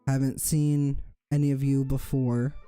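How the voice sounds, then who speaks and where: A huge half-orc guard speaks in a curt, businesslike way, voiced by a game master running a tabletop fantasy game. The tone is mellow and unhurried, like a stone wall. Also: mid-range voice, level tone, smooth, faint music behind, natural voice.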